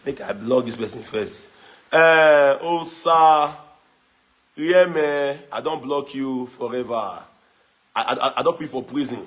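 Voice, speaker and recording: A young Nigerian man from Edo with a local accent, talking loosely on a phone livestream, mixing in pidgin, animated and mocking with frequent laughs. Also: medium pitch, a little slow, slight background noise. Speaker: social media livestreamer. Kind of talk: casual livestream chat.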